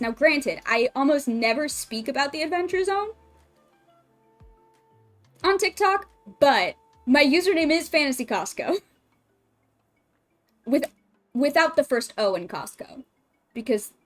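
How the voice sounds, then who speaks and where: A woman livestreaming from home, chatting in an emotional, expressive way and swearing freely. Her voice sits a little high, and faint music plays underneath. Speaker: streamer. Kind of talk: casual livestream chat.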